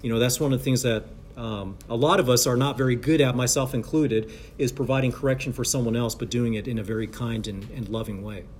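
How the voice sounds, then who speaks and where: A man's voice: mid-range voice, fairly even intonation, fast, a little hiss or hum. A man delivers a sermon with a mid-range voice, talking in a loose, conversational way full of fillers and restarts. He builds to emphatic points as he teaches. A faint ambience hangs behind him. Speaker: pastor or Bible teacher.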